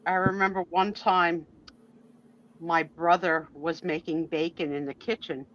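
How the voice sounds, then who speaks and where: A woman's voice: on the low side, unhurried. A woman chatting casually on a live stream, telling stories with firm opinions. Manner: animated storyteller, opinionated. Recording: dull lo-fi audio.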